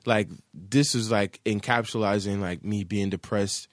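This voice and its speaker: A man's voice: on the low side, steady tone, measured pace, no room sound, studio quality. A man, a rapper and producer, chatting casually in an interview, laid back and full of slang and fillers.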